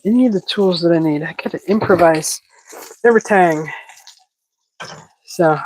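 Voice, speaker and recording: A woman hosting a casual cooking livestream, chatting while she cooks, breathing a little heavily and breaking into excited squeals. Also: normal speed, rough recording. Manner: chatty, improvising, bursts into excited high squeals greeting chat.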